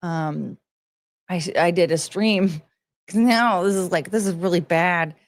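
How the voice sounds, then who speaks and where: A woman in her forties chatting casually on a livestream, rambling and excitable, swearing freely, with sudden loud outbursts. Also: fairly low pitch, measured pace. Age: 40s. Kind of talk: casual livestream chat reading viewer messages.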